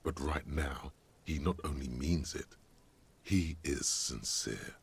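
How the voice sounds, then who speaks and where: A deep, gravelly game narrator. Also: male voice, full character voice. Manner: measured, solemn, advising in second person.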